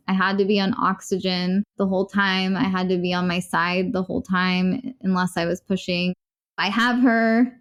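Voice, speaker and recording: A woman frankly recounting a hard personal experience in a podcast interview, rapid and rueful, with short laughs. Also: medium pitch. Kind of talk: candid personal storytelling.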